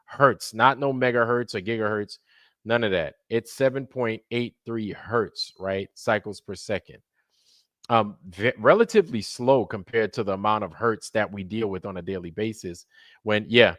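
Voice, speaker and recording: A man's voice: on the low side, normal speed, fairly bright tone, no room sound, clean studio sound. Laid-back swearing male livestream host. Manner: profane, laid-back, drifts into mocking impressions. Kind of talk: casual livestream chat.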